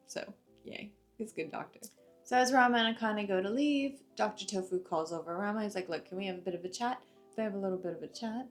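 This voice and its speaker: A young woman talks through an anime episode in a loose, chatty recap. She leans on fillers and trails her sentences into one another, with faint music behind her. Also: mid-range voice. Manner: chatty, uses many fillers like "like" and "uh". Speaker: anime reviewer.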